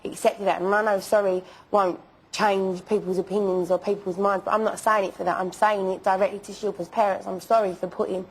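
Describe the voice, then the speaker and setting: A woman's voice: medium pitch, flat delivery, a little fast, slightly rough, rough recording. A young woman being interviewed, stammering and repeating herself as she insists on her apology. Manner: stammering, repeats words, emphatic denials. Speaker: interview guest.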